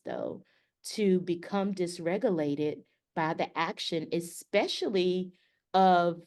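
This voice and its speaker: A woman's voice: mid-range voice, darkish tone. A middle-aged woman co-hosting a podcast, telling a story casually and acting out the dialogue with animation. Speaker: podcast co-host.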